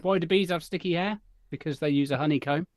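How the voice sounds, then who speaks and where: A man's voice: a little high, fast talker, noisy background. A man with a Northern English accent in a casual group chat, sheepishly reading out corny jokes. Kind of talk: casual banter.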